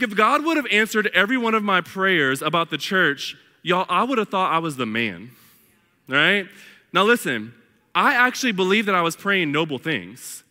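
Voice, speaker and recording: Man, pastor, preaching, high pitch, emphatic, casual asides, echoing sanctuary. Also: sharp tone. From northern United States. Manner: emphatic preaching, addresses the congregation as beloved and family; casual asides with slang and humor. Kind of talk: sermon. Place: church sanctuary. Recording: long hall reverb.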